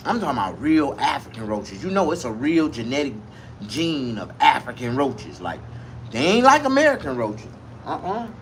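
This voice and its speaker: A man telling a comic story in a profane, rambling, animated way. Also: medium pitch, normal speed, a little hiss or hum.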